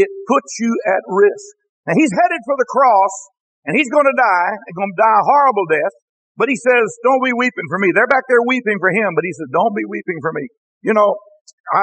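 An older man preaching a sermon as pastor, emphatic, with a husky voice, raising his pitch for stress and acting out the voices of others. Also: a bit bright, rough recording.

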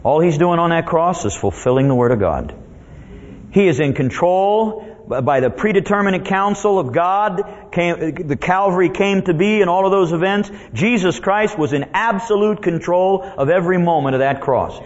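This is a man preaching a sermon who drives his points home by repeating them and reads scripture as he goes. His voice sits fairly high. The recording is muffled and lo-fi. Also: lively intonation, moderate pace. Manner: emphatic, repetitive, reads verses aloud. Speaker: pastor. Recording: dull lo-fi recording.

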